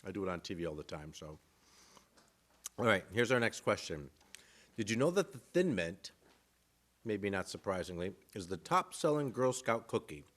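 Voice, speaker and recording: Guy hosting an online event, lowish voice, chatty, reads recipes n trivia. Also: sing-song, moderate pace, pauses often, fairly bright tone. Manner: chatty, reads recipes aloud, eats while talking. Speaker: event host.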